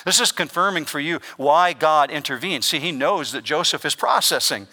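A man preaching a sermon as pastor, emphatic, with dramatic pauses and sudden swings in volume. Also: a little high, lively intonation, bright, forceful tone. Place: church sanctuary. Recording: long reverb of a large hall.

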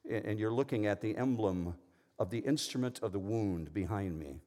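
A middle-aged man preaching a sermon in a church, swinging from loud emphasis to hushed, near-whispered lines. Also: on the low side, normal speed. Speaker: pastor. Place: church sanctuary. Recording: long reverb in a large hall.

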